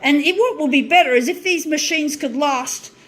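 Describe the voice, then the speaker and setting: A woman's voice: sits high, moderate pace. A woman running a small print business who rants angrily and with heavy swearing about her photocopier. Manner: swears heavily, frustrated, restarts sentences. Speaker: small business owner ranting on video. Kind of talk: angry profane rant.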